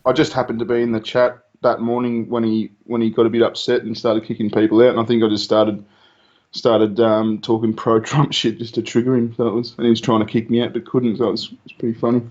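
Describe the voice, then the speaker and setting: A man on as a guest, chatting casually and stumbling over his words. He talks very fast, and his call sounds dull and muffled. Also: mid-range voice, flat delivery, a little mellow. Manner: hesitant, stammering. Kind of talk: casual chat.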